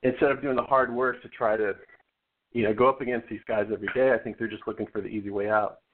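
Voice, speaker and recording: Radio caller, man, mid-pitch, earnest and argumentative, heard through a phone line. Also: fairly even intonation, fast talker. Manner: earnest, argumentative, frequent restarts. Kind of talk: call-in phone conversation. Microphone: telephone.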